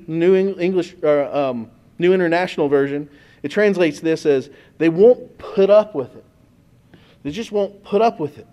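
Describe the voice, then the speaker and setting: A man's voice: sits high, darkish tone. A pastor preaching a sermon to his congregation in a conversational way, speaking straight to the church.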